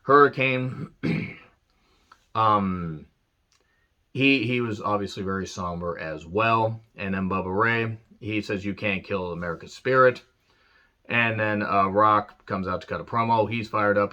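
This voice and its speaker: A man's voice: lowish voice, unhurried, sharp tone. A man reviewing an old wrestling show in a casual, rambling rant, earnest and full of fillers.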